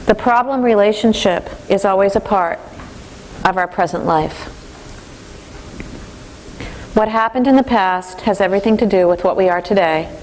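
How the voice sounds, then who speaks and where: Lively woman instructor teaching a class. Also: medium pitch, a little hiss or hum, rough recording. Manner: lively, conversational, addresses the class directly. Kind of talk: classroom training lecture.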